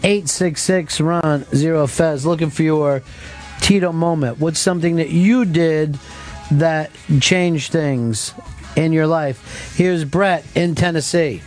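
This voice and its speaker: A man with a slightly high voice hosts a call-in radio show. He chats easily with callers and reads out the phone number, with faint music running underneath. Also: takes it slowly.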